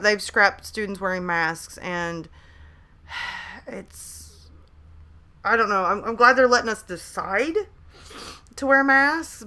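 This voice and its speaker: A bright-voiced woman in her thirties talks into a desk mic at her laptop during a home live stream. She is hyper and chatty, greeting viewers and reading their messages aloud. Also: medium pitch. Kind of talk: casual live stream chat. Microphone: desk microphone at a laptop.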